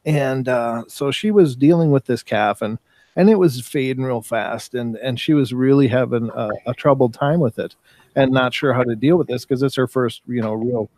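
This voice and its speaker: Man, mid pitch, dry close sound, rambling chatty storyteller. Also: normal speed, darkish tone, no room sound. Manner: rambling, repeats words while telling a story. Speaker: talk show participant. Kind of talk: casual storytelling chat.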